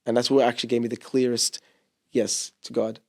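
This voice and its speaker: Young man with a gravelly voice. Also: medium pitch, flat delivery, a little mellow. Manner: emotional, halting, with many restarts. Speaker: seminarian guest. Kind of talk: personal testimony in a podcast interview. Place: church podcast studio.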